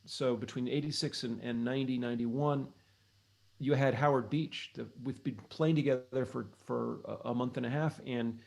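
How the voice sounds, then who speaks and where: A middle-aged American man, a blues harmonica player and author, guests on an interview show and tells long reflective stories with many restarts in casual storytelling. His mid-range voice is gravelly and a little mellow, with fairly even intonation at normal speed.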